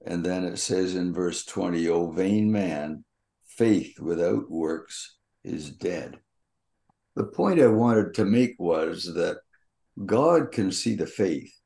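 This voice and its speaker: Older man, deep gravelly voice, slow measured Bible teaching, mellow tone. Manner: slow, measured, reads scripture aloud.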